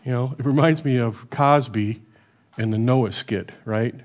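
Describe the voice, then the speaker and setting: A middle-aged man delivers a sermon in a loose, conversational manner. He keeps checking in with his listeners and swings between loud emphatic stretches and quiet, low asides. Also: measured pace. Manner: varies loudness a lot, rising for emphasis and dropping low. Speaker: preacher.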